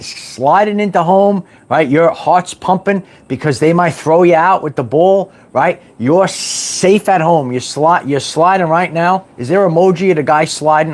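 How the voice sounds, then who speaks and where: A middle-aged man hosting a spiritual wellness livestream, talking to his chat in a playful, repetitive motivational style and drawling words like "baby". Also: on the high side.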